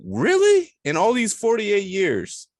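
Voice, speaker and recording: Joking Southern podcast host, dry close sound. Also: male voice, sits high, huge pitch swings, takes it slowly, darkish tone, dry recording. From Louisiana. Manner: joking, blunt interviewer. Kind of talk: casual chat.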